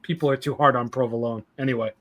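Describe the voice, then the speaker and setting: A man's voice: medium pitch, steady tone, fast, fairly bright tone, a little hiss or hum. A man co-hosting a casual pop-culture podcast, joking and crude. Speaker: podcast co-host.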